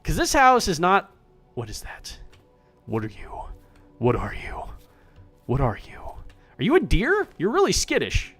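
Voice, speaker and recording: Animated, swearing game-streamer guy. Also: sits high, unhurried, long pauses, faint music behind. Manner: animated, profane, self-mocking. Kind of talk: casual live-stream gameplay commentary.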